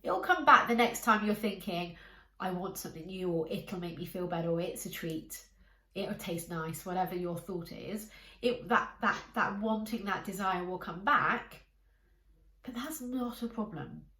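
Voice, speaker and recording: Calm woman coaching, echoey room. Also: fairly low pitch, unhurried. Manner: calm, encouraging, speaks directly to listener. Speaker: life coach. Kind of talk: coaching talk to camera.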